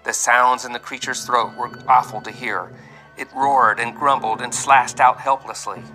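A man's voice: mid-range voice, steady tone, moderate pace, sharp tone, poor audio. A man narrating a dramatic adventure story aloud, with vivid delivery and voiced characters. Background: faint music.

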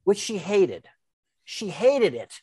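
An older woman, a guest, telling a casual anecdote with lively restarts, stammers and acted-out quotes. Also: mid-range voice, slow pace, husky, no echo.

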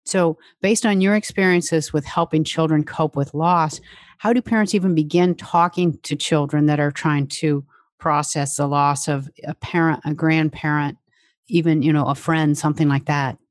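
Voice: mid-range voice, fairly even intonation, normal speed, dry recording, studio quality. An interviewer asking thoughtful questions and encouraging the guest with frequent affirmations. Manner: attentive, encouraging, frequent "mm-hmm".

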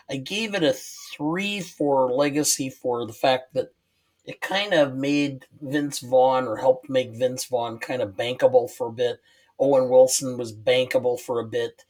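A man's voice: medium pitch, a little mellow. Hesitant middle-aged man. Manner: hesitant, halting, many fillers. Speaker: guest, host's father. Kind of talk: casual movie-review chat.

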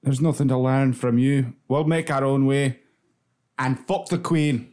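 A man's voice: medium pitch, steady tone, a little slow, a little mellow, lightly acted. A man playing a blunt, defiant Scottish man with a Scottish accent in an improvised comedy podcast.

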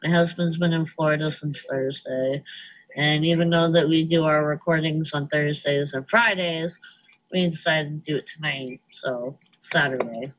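Lower-voiced woman, casual frank chat. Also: fairly even intonation, moderate pace, fairly bright tone, muffled recording. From New Hampshire, USA. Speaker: podcast co-host.

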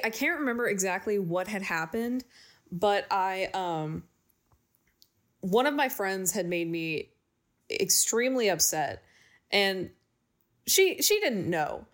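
A young woman in her early twenties chats casually on a podcast with friends. Her pitch sits in a middle range, and she talks loosely, laughs often and swears freely. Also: lively intonation, takes it slowly, pauses often. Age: 20s. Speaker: podcast co-host. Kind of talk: casual chat.

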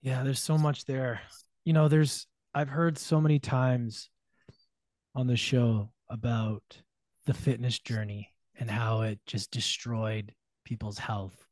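A man hosting a podcast, reflecting slowly on what his guest said. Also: mid-range voice, flat delivery, darkish tone, no echo. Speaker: podcast host. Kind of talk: interview conversation.

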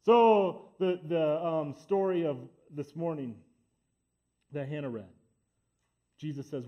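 A man with a fairly high voice preaches a sermon, stacking repeated phrases to drive each point home. The recording is dull and lo-fi, as if taped in church. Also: slow, long pauses. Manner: emphatic, repetitive build-ups. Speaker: pastor.

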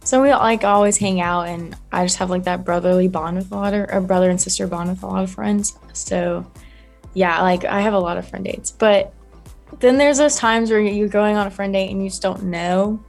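A woman's voice: medium pitch, fairly even intonation, normal speed, gravelly, faint music behind. A young woman co-hosting a radio show, chatting casually with plenty of filler words. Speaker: radio co-host.

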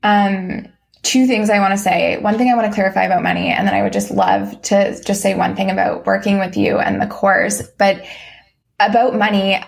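A woman's voice: medium pitch, fairly even intonation, moderate pace, vocal fry. A young adult woman, a podcast guest, talking earnestly in casual conversation with many ums and restarts. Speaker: podcast guest, course creator.

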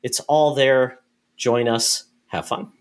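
A man's voice: mid-range voice, fairly even intonation, takes it slowly. Jokey male podcast host. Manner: jokey, wraps up with plugs. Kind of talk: casual chat.

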